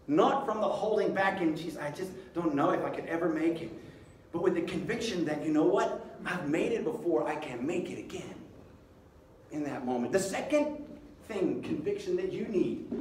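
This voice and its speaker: A man giving a live inspirational talk in a school hall, telling stories in an animated way with joking asides. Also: high-pitched, far from the mic. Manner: animated storytelling, jokey asides. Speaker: inspirational speaker. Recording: echoey hall, speaker away from mic, faint background hiss.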